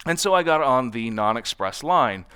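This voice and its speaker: A man speaks at a conference in a loose, conversational way, tagging his points with quick check-ins to the crowd. His voice is smooth and resonant, and he sits at an ordinary middle pitch. He slips into other people's voices when he quotes them. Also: animated, bright, forceful tone. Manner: conversational, constantly checks in with "right?". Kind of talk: conference talk. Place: conference stage.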